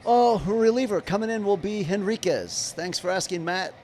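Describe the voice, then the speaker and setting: High-voiced chatty male baseball streamer. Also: moderate pace, a little mellow, a little hiss or hum. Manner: chatty, rambling asides to viewers in chat. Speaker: livestream baseball commentator. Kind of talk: live play-by-play commentary.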